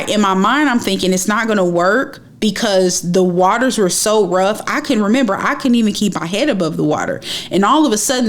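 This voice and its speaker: A young woman retelling a personal story in a casual, animated way, stressing and repeating her phrases. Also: mid-range voice.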